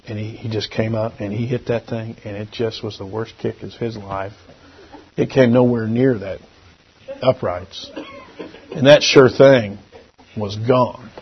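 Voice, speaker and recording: A middle-aged man giving a church lesson with anecdotes, talking conversationally and swinging between loud emphasis and quiet asides. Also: mid-range voice, creaky, husky. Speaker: lay preacher. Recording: dull lo-fi recording.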